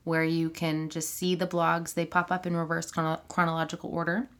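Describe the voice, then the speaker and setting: A woman's voice: low-pitched, flat delivery, fairly quick. A woman guest on a podcast, a therapist and blogger, chatting in a friendly, self-deprecating way. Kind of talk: casual podcast chat. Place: child's bedroom, seated on floor.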